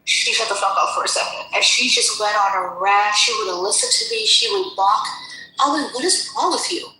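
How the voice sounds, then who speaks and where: A woman telling an angry story in heated casual chat, fast and indignant, swearing often. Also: mid-range voice, lively intonation, pushed and bright. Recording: echoey room with faint noise.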